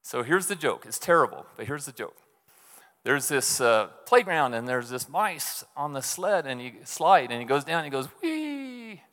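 A pastor with a mid-range, slightly bright voice preaches a conversational sermon at a moderate, animated pace. He tells stories and keeps checking in with the congregation by asking "right?", all with the long reverb of a large hall.

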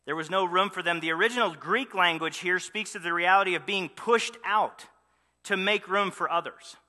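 A man's voice: high voice, normal speed, bright, forceful tone, big-room sound. A man preaching a sermon, telling the story with animation and many rhetorical questions. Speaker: pastor.

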